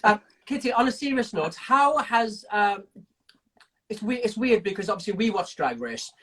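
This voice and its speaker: A man's voice: sits high, animated, moderate pace, a bit bright, husky. A middle-aged man co-hosting a live video chat, teasing and emotional as he asks questions. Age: older than the guest, middle-aged. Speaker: co-host asking questions. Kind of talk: casual chat on a live stream. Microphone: phone on a video call.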